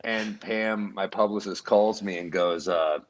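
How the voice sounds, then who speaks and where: Lower-voiced male comic, thirties, animated storyteller on a chat show. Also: unhurried. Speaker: comedian guest. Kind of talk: casual podcast chat.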